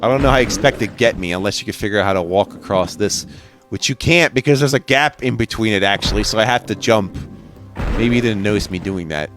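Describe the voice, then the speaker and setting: A man's voice: lowish voice, fast, fairly bright tone. A man giving casual, jokey commentary while playing a video game, rambling and swearing freely. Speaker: let's play host. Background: game music.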